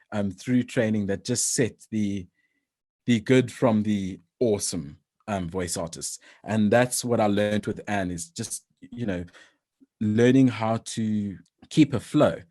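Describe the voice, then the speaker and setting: A man, a voice-over artist, chatting casually in an interview with frequent restarts. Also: fairly low pitch. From South Africa. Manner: relaxed, rambling with frequent restarts and laughs.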